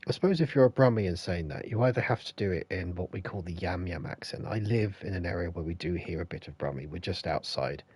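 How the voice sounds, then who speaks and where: A man's voice: low-pitched, fast, hardly any pauses, a little mellow. A man giving casual, rambling commentary as a game streamer at home. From England. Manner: rambling, chatty asides.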